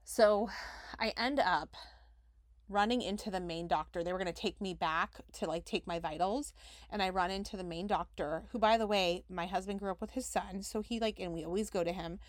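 A woman's voice: mid-range voice, normal speed, no room sound, studio quality. A young adult woman hosting a podcast, telling a story casually and fillng it with "like" as she reenacts conversations. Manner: chatty, heavy use of "like", reenacts conversations. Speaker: podcast host.

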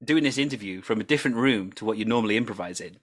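A Welsh man hosting an improv podcast interview, relaxed and playful with easy filler ums. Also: fairly low pitch, rapid-fire. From Wales. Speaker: podcast host. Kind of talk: casual interview chat.

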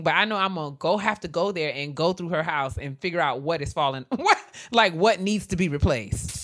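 Lower-pitched woman telling animated stories. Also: a little fast. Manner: animated storyteller, drawling asides. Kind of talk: casual chat.

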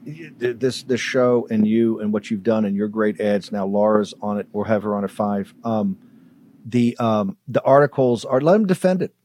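A man hosting a political talk show, brisk and combative, rallying his audience between guests. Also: fairly low pitch, fairly even intonation, a little mellow, a little hiss or hum. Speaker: host.

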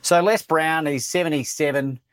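A man's voice: on the high side, normal speed, clear, resonant tone. An Australian man, a coach, telling a personal story as a guest in a podcast interview and acting out the lines of others. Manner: animated storyteller, acts out quoted dialogue.

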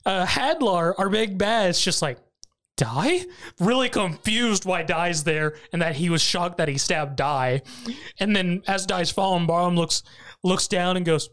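A podcast host recapping an anime episode in casual chat, animated and often laughing, with sudden high-pitched jumps when amused. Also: moderate pace.

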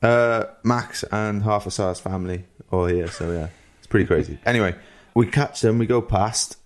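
A Welsh man in his thirties, co-hosting a podcast and telling a rambling story in a casual, animated way, often acting out what people said. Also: on the low side, normal speed. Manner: rambling, animated, quotes people in lively voices. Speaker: podcast co-host.

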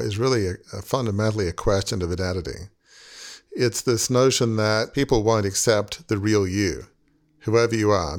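A man in his sixties hosting a podcast, talking in an earnest, rambling way with many "you knows". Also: fairly low pitch. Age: 60s. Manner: earnest, rambling, heavy use of "you know". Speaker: podcast host. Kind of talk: reflective podcast conversation.

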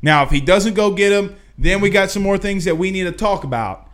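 A man hosting a casual livestream, answering chat questions in an excitable, emphatic, repetitive way. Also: high voice, a little fast. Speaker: livestream host.

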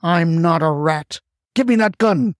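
Voicing a desperate older man, the gravelly narrator pitches up and stretches his words, sounding agitated, profane, and defiant. Slightly slow and a little mellow, with a rough fry beneath, the speech sits in a dry, close space and a dry recording.

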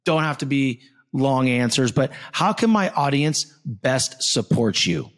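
A man in his thirties, from Florida, talks bluntly and swears freely as he hosts a casual interview. His voice sits at an ordinary middle pitch for a man, and he gets worked up and quick when excited. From Southwest Florida. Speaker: podcast host.

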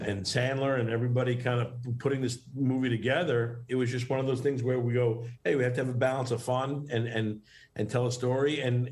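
A middle-aged man from New York, a guest in a casual interview, talking in a rambling way with many restarts and fillers. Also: mid-range voice.

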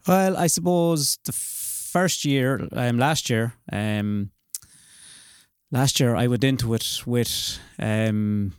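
A man's voice: medium pitch, takes it slowly, clear, resonant tone, dry recording, studio quality. An Irish man being interviewed on a podcast about winning a race, easygoing and modest, with frequent ums. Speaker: podcast guest, race winner. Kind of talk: casual interview.

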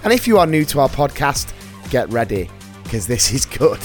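Lively, jokey man host. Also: mid-range voice, moderate pace, faint music behind. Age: adult dad. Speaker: podcast host. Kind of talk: casual podcast banter.

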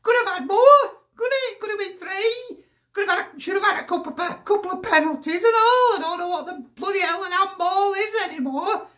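A man voicing a squeaky, foul-mouthed football fan who cackles and swears gleefully. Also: fairly quick, pushed and bright. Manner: gleeful, sweary, cackling, full of tag questions. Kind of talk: comic character rant.

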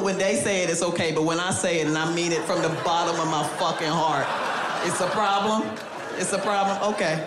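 A woman's voice: lowish voice, brisk. A woman doing a stand-up comedy set on stage, brash and profane, laughing through her punchlines. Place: comedy stage before a live audience. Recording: roomy club sound with crowd noise.

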